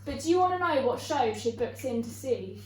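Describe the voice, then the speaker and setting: A young woman from England hosts a student comedy night in a high voice. She talks in a chatty, grumbling way and swears freely. The sound is echoey and distant, as if the mic is far from her. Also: animated, fairly quick, darkish tone. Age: young adult. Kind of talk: stand-up comedy hosting.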